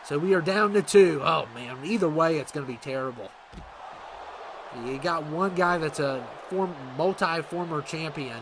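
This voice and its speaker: A man's voice: on the high side, background noise. A man giving casual let's-play commentary on a wrestling game, dramatic and playfully indignant. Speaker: gaming commentator.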